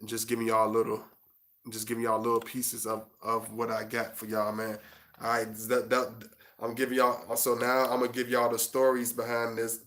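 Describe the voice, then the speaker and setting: Male stream host, bright tense tone, level monotone delivery, halting casual chat, hushed readings. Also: mid-range voice. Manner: halting, with many restarts while chatting; slow and hushed when reading his prose. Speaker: author and channel host.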